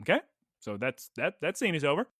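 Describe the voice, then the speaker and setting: A man's voice: on the high side, sing-song, a little fast, a bit bright, husky, no room sound, clean studio sound. A man co-hosting a podcast, casually recapping an episode in a chatty, joking way. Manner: chatty, jokey storyteller, playfully acting out characters' lines. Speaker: podcast co-host.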